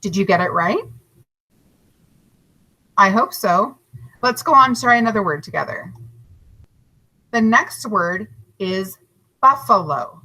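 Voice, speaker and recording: A woman teaching a third grade class in a recorded lesson, patient and encouraging, stretching words out slowly to split their syllables. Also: mid-range voice, animated, pushed and bright, poor audio. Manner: slow, overarticulated syllables and spelling.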